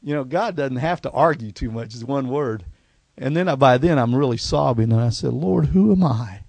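A middle-aged man, a pastor telling his life story in a sermon, folksy and going quiet at the emotional parts. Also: medium pitch, brisk, no room sound. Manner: folksy storytelling, drops to a hushed voice at emotional points. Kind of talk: personal testimony sermon.

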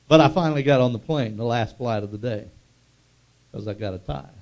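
A man's voice: medium pitch, a little fast, a little mellow, lo-fi sound. A male pastor preaching a sermon with call-and-response, telling stories and building to fervent proclamation.

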